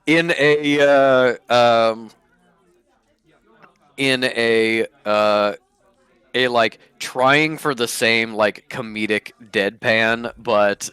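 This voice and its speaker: A man's voice: on the low side, fairly bright tone, smooth, no echo. A man playing a tabletop game on a voice call, speaking in character and narrating his moves, hesitant with many fillers and restarts. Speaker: tabletop player.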